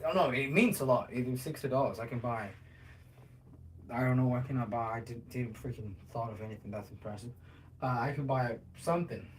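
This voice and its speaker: A man's voice: medium pitch, fairly quick, slight background noise. A man talking loosely on a livestream, joking and cursing as he answers chat. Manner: loose and joking, curses a lot, chats with viewers.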